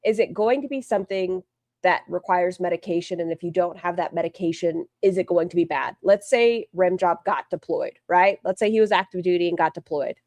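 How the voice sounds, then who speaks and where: A woman with a lowish voice talks through a livestream in a blunt, profane and rambling way. The sound is dry and close, with no room around it. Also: fairly quick, a little mellow, no room sound. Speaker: streamer commenting on online drama. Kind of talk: casual livestream commentary.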